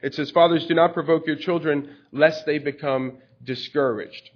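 A man's voice: a little high, fairly even intonation, normal speed. A man preaching a sermon in a conversational way, explaining scripture through everyday stories. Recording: dull lo-fi recording.

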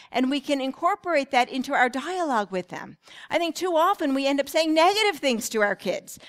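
Middle-aged woman, parenting talk, high-pitched, earnest, storytelling. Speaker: parenting seminar speaker.

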